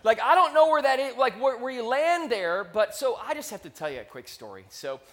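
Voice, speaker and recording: A man in his thirties preaching a sermon in a casual, storytelling way, with sudden bursts of loudness, on a microphone. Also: extremely high pitch. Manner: conversational, animated storytelling with quick rises in volume. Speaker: pastor. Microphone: handheld microphone.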